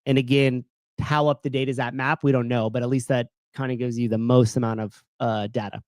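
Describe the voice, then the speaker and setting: A man's voice: medium pitch, little pitch movement, fairly quick, a little mellow, no echo. A man co-hosting a podcast, chatting casually and rambling with lots of fillers and the odd swear word. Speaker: podcast co-host. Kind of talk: casual livestream chat.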